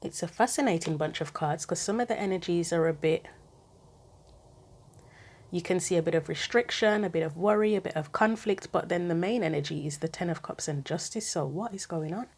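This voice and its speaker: Low-voiced woman giving a tarot reading. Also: a little fast. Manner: thinks aloud, chatty asides; reads card guidance aloud. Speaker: tarot reader.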